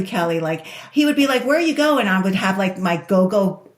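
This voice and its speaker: A woman's voice: mid-range voice, lively intonation, a little fast, hardly any pauses. Older spanish-born woman, guest on a podcast, emotional and rambly, repeats herself a lot, echoey room. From Spain. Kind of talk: candid interview storytelling.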